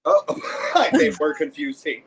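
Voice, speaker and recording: A man's voice: fairly high pitch, big pitch swings, slow, fairly bright tone, a little hiss or hum. Swearing, laughing male chat-show guest. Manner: laughing, coughing, swears a lot. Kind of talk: casual chat.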